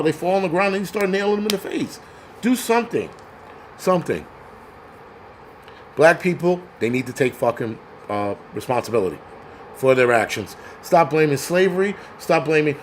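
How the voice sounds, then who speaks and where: There's a little hiss or hum behind this man's expressive, rather high voice, which runs a little fast. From New York, he hosts a crude livestream rant, angrily mocking people in put-on voices.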